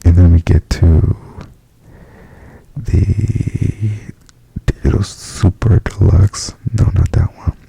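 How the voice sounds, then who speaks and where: A man softly speaking and whispering in a chatty ASMR review, full of fillers, close to the mic. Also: sits low, steady tone, slow pace, pauses often, no room sound, rough recording. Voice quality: whispery, breathy.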